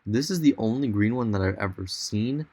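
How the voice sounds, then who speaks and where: A young man with a fairly low voice talks through a virtual walk-around as a voice-over. He sounds keen and loose, thinking aloud and correcting himself as he goes. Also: lively intonation, normal speed, dark tone, husky. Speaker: car vlogger. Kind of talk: casual tour narration.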